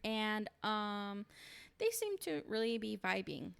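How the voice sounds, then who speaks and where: A woman's voice: mid-range voice, very animated, slow pace, gravelly, a bit bright, clear, resonant tone. A young woman chatting casually as she recaps a reality show, opinionated and slangy, with lots of ums.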